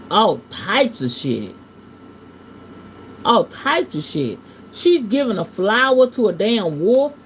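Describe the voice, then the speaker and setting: Speaking at a slow pace, an animated woman hosts a live tarot reading that plays like a casual sermon. She shifts from hushed low pitches to loud high ones, sprinkles in salty curses, and the recording has a light hiss.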